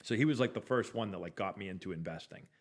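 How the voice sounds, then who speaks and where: A man's voice: on the low side, fast talker. A man in his forties telling loose baseball stories as a live-stream host, rambling with lots of "like" and restarts. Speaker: former pro ballplayer hosting a live stream. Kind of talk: casual anecdotal storytelling.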